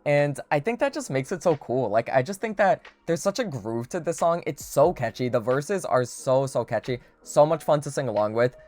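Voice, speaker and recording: A man's voice: medium pitch, lively intonation, normal speed, hardly any pauses, darkish tone. A man reviewing and ranking pop songs in a casual vlog, gushing and dramatic, saying "like" constantly. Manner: gushing, dramatic, heavy use of "like". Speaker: music reviewer. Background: faint background music.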